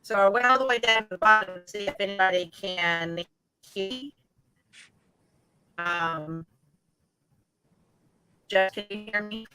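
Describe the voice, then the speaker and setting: A woman's voice: mid-range voice, a little slow, pauses often, sharp tone, clean tone, soft background music, low-quality recording. A woman co-hosting a live stream, sounding apologetic and flustered, her voice breaking up into glitchy robotic internet audio. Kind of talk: casual live stream chat.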